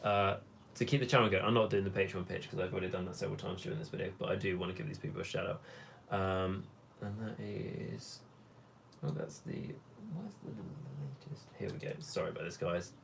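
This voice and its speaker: A man's voice: deep voice, fairly even intonation, fairly quick, vocal fry, slight background noise. A young man hosting a hobby live stream, chatting casually and rambling with many fillers while he reads the chat.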